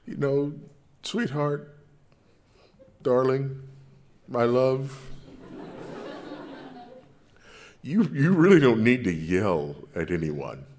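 A man putting on his wife's gentle, affectionate voice within a sermon. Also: lowish voice, a little slow, close to an everyday voice. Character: gentle, loving adult wife.

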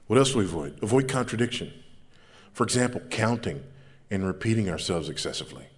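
Deep-voiced preacher man, emphatic. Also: lively intonation, fast talker. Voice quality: big deep voice. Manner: emphatic, repeats phrases for effect. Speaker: pastor. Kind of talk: sermon.

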